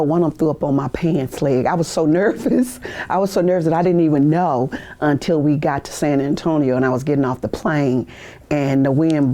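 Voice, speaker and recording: A woman in her sixties speaks in a low, mellow voice and tells her stories with easy humor. She breaks into laughter now and then and acts out what others said. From United States. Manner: storytelling, laughs often, acts out quoted voices. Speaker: veteran interviewee. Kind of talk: oral history interview. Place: university media studio.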